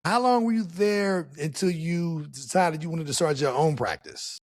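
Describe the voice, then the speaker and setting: A male host steering an interview with short questions and quick affirmations. His slightly high voice moves a lot in pitch, recorded dry and close with no room sound. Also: expressive, dry recording. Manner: brief prompts and affirmations. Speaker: podcast host.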